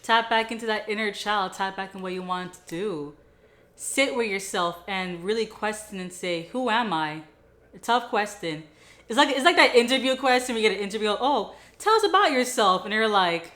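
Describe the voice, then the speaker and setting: A young woman talking casually and upbeat in a motivational vlog, chatty and quick to laugh. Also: medium pitch, expressive, fairly bright tone. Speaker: vlogger.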